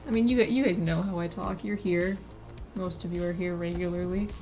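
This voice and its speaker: A woman's voice: on the low side, fairly even intonation, brisk, over music. Rambling woman VTuber streamer. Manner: rambling, self-interrupting, with giggly asides. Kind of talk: casual live-stream chat while drawing.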